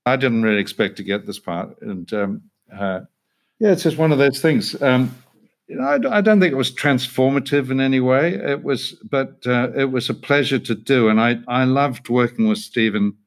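A man's voice: mid-range voice, lively intonation, normal speed. A man, an actor being interviewed, telling stories in a self-deprecating, hesitant way with frequent laughs. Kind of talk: relaxed interview storytelling.

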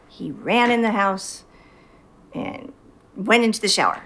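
A woman's voice: medium pitch, moderate pace, vocal fry, soft background music. A middle-aged mother telling a story in an interview, animatedly acting out what she said back then. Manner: animated storyteller acting out her own quotes. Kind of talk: casual interview.

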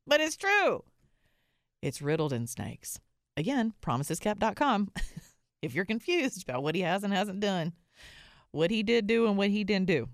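A woman giving casual political commentary, animated and sarcastic, laughing often between points. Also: medium pitch, no room sound, clean studio sound.

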